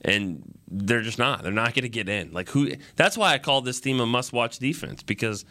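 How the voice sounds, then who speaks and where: A man co-hosting a sports talk show, telling animated game stories and laughing often. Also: mid-range voice, moderate pace.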